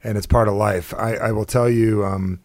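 A man hosting a podcast, asking quick teasing questions and encouraging his guest in casual chat. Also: fairly low pitch, steady tone, a little mellow, no echo. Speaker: podcast host.

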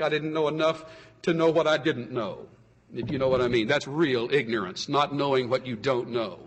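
In a large hall, a pastor with a fairly high voice preaches a sermon. His expressive delivery swings from soaring exclamations to hushed, intimate asides.

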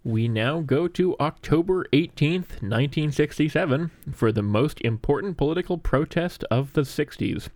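A man hosting a local news program, reading a scripted introduction in a crisp announcer way. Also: fairly high pitch, lively intonation, normal speed, few pauses, a little mellow, no room sound.

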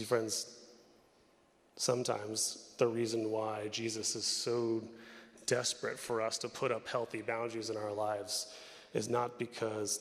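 A man's voice: fairly low pitch, breathy edge. A man as a pastor, preaching a sermon in a candid, storytelling way and poking fun at himself. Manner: candid, storytelling, self-deprecating. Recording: long reverb of a hall.

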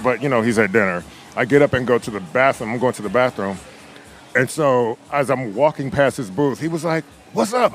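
A man being interviewed, telling stories in a lively way and acting out other people's lines. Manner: animated storyteller, acts out quotes in a higher voice. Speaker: podcast guest. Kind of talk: casual interview chat.

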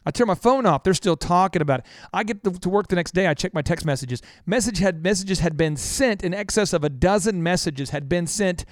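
A man with a high, bright voice tells stories on a business talk show, lively and animated as he mimics the people in them. The studio sound is close and dry, with no room around it. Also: fairly quick, hardly any pauses, dry recording. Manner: animated storyteller, acts out quoted people. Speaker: business podcast host. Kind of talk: energetic talk show banter.

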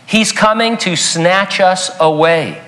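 Pastor guy preaching, bright edgy voice, a bit high, chatty and punchy. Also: takes it slowly. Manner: conversational, emphatic, joking asides. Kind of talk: sermon.

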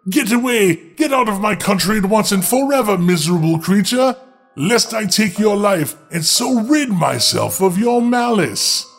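Man playing a young storybook king, indignant, scornful, commanding, fairly high voice. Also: expressive, normal speed, creaky, soft background music, full character voice.

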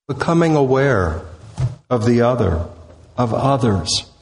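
A male minister preaching a sermon in short, deliberate, measured phrases. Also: mid-range voice, very animated. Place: church sanctuary. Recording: echoey hall with long reverb.

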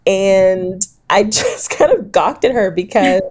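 A woman author in her thirties, telling her story in a lively interview, acting out quotes and laughing often. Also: medium pitch, slow. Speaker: author and guest.

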